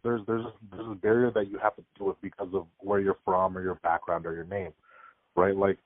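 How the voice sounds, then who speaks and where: A young man chatting casually as a podcast guest, telling stories quickly and filling his talk with "like". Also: sits low, flat delivery, no room sound. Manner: rapid storytelling, frequent "like" fillers. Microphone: remote call. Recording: tinny phone-like call audio.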